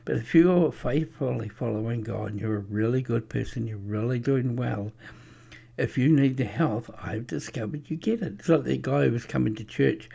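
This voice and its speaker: Gravelly, husky man. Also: medium pitch, normal speed, dark tone. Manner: preachy, anecdotal, with many fillers and restarts. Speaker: religious speaker. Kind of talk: rambling personal monologue.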